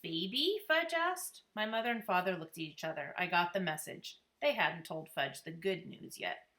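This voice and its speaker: A woman reading a children's book aloud with lively, expressive narration. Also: lowish voice, normal speed. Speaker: reader.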